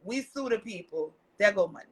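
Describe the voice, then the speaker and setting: A woman, telling personal stories as a podcast guest in loud, profane, laughing casual chat. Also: mid-range voice, animated, fairly quick, slightly rough.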